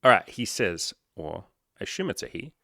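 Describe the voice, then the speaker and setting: Very deep-voiced man, casual and profane. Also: very animated, normal speed, gravelly, pushed and bright, dry recording, studio quality. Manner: loose, profane and joking, rambling asides. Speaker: life coach and podcaster. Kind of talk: casual solo podcast monologue.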